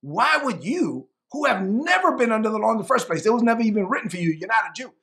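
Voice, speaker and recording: An exasperated apostle, as a preacher puts him on, high and gravelly, pleading and scolding in disbelief. The voice jumps well above a man's usual register and turns to near-shouts when he is most fed up. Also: sing-song, fast talker, exaggerated voice. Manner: incredulous, pleading, raises voice.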